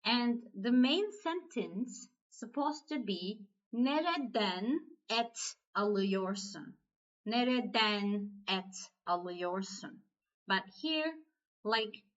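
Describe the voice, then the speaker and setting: Slow, patient Turkish-accented woman teacher. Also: fairly high pitch, highs cut off. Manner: slow, patient, repeats phrases. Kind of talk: language lesson.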